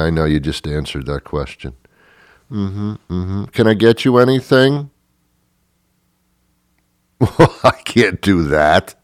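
A man's voice: low voice, no room sound, studio quality. An older man hosting a radio show, rambling in a grumpy, sarcastic monologue.

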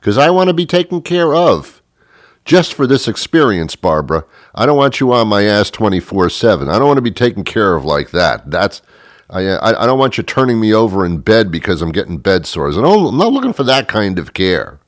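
A middle-aged man with a fairly low voice talks fairly quickly through a sarcastic, self-mocking story about himself, rambling in a lively comedic monologue. The recording is studio quality with no echo.

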